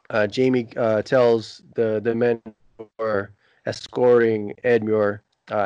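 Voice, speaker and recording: A man casually retelling a TV scene, reading out the dialogue with frequent pauses and fillers. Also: on the low side, little pitch movement, a little mellow, clear, resonant tone, dry recording, highs cut off. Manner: halting, many "uh" fillers. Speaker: podcast co-host recapping a TV episode. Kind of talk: casual recap, reading lines aloud.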